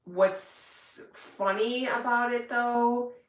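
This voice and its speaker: A woman's voice: fairly high pitch, fairly even intonation, extremely slow. A woman vlogger chatting casually to her viewers, rambling with lots of fillers and restarts. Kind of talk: casual chat to camera. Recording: echoey room.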